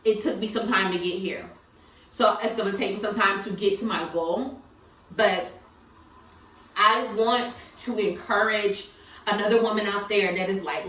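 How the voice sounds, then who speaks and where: A woman's voice: mid-range voice, steady tone, normal speed, fairly bright tone, slight background noise. Tearful young woman vlogging from afar. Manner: candid and emphatic, laughing through tears. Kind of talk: casual confessional vlog. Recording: roomy sound from some distance, faint background ambience.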